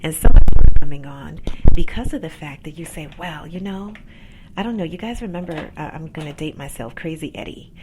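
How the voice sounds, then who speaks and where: A woman hosting a podcast, giving a calm, soft-spoken motivational pep talk about faith and gifts as a coach. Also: low-pitched, brisk, heavy background noise. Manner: faith-based encouragement. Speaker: podcast host and accountability coach.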